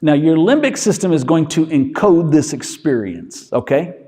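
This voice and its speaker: A man's voice: a little high, sing-song, warm tone, long reverb tail. A man, a physician, giving a conversational lecture and checking in with his listeners with a frequent "okay?". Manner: acts out inner voices in quick asides.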